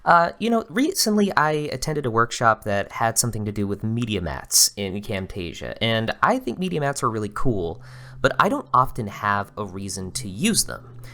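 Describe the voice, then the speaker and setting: A man hosting a screen-recorded software tutorial, explaining each step in a relaxed, conversational way. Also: lowish voice, moderate pace.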